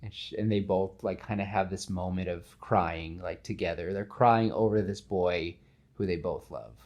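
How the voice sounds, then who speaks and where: A man hosting a podcast, casually pitching a film scene with animated storytelling and lots of fillers. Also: normal speed. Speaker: podcast host.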